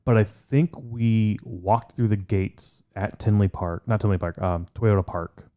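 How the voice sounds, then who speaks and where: A man's voice: on the low side, steady tone, a little slow, dark tone. A man co-hosting a podcast in casual chat, enthusiastic and swearing freely. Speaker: podcast co-host.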